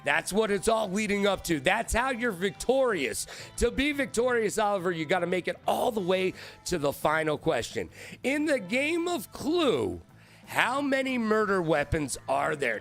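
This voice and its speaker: A man hosting a live-streamed trivia show, hyped and playful, shouting out viewers by name. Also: high voice.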